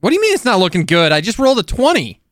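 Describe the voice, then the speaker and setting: An excitable man chatting at a tabletop game, swearing freely and laughing easily. His voice sits fairly high and swings widely. It is recorded close on a dry podcast mic. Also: very fast, no echo. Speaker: player. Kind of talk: casual chat at a tabletop game.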